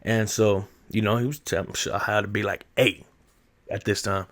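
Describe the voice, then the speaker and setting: Animated, slangy man telling family stories. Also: lowish voice, normal speed. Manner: slangy and animated, laughs often. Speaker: vlogger. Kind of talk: casual storytelling.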